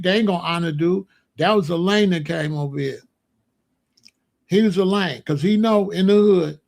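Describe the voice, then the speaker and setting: A man's voice: sits high, gravelly, darkish tone. A man delivering heated, confrontational stream commentary in blunt street slang.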